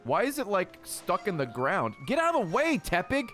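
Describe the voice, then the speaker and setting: A man hosting a let's play, giving casual game commentary, excitable and heavy on swearing as he talks to the creatures on screen. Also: high voice, normal speed, soft background music.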